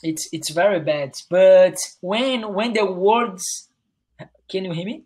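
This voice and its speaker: A man from Brazil with a Brazilian Portuguese accent, speaking English as a student in an online lesson over a video call, in halting, hesitant sentences full of restarts and "you know?". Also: sits high, a little mellow.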